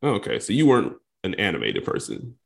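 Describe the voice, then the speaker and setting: A man's voice: on the low side, huge pitch swings, brisk, vocal fry. A man co-hosting a casual sports podcast, teasing his partner and asking questions. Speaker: podcast co-host.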